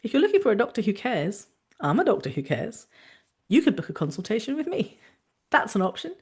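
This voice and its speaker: A woman doctor hosting a talk, explaining frankly in a chatty way with lively asides. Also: fairly high pitch, fairly quick, breathy edge. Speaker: doctor and podcast host.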